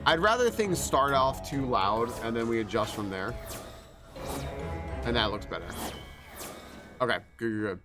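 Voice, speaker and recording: A man's voice: mid-range voice, expressive, normal speed, pauses often. A man streaming a video game, chatting casually and thinking aloud with lots of fillers. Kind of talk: casual live-stream commentary. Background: game music.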